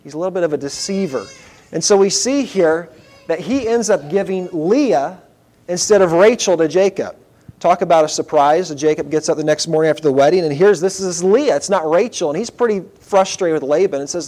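A man delivering a sermon in a voice a little higher than most. He speaks earnestly but in a conversational tone, now and then turning to address the congregation directly. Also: normal speed, a little mellow. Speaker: pastor.

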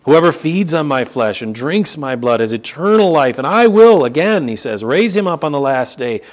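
Man, preacher, sermon, lively rising and falling pitch, repeats words for emphasis, slows on key phrases. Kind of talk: sermon reading and expounding scripture.

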